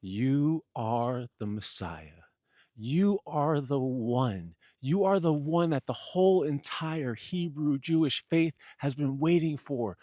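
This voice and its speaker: A man voicing a gentle, insistent divine voice calling someone chosen. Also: a little high, no room sound, studio quality, voice pushed up. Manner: hushed, insistent.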